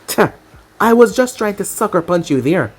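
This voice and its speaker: A woman's voice: medium pitch, lively intonation, moderate pace, breathy edge. Woman doing a brash, foul-mouthed young fighter girl.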